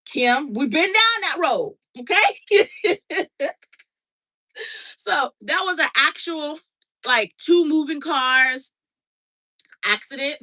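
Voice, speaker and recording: A middle-aged woman tells a story in a casual chat, her voice bright and a little high. She is animated, acts out the dialogue and keeps checking in with her listener. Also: takes it slowly, long pauses, poor audio. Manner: animated, reenacts dialogue, frequent "okay?" check-ins. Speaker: podcast host.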